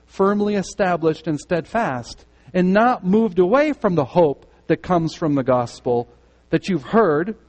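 A man's voice: sits high, a little mellow, long reverb tail, poor audio. A man preaching a sermon to his congregation, emphatic and repeating key words for weight. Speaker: pastor. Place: church sanctuary.

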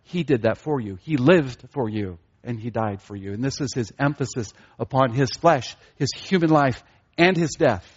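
A man preaching a sermon with emphatic delivery, repeating key phrases and rising in pitch to stress a point. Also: slightly rough. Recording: dull lo-fi recording.

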